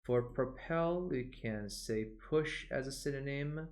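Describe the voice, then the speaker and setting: A man teaching medical vocabulary in a recorded online lesson, explaining each term and repeating it slowly for pronunciation, with frequent "uh" fillers. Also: mid-range voice.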